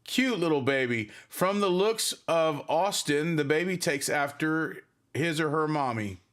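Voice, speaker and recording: A man's voice: a little high, lively intonation, measured pace, fairly bright tone. A man hosting a casual livestream for his band, rambling and chatty as he reads viewer comments. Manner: rambling, chatty, many fillers.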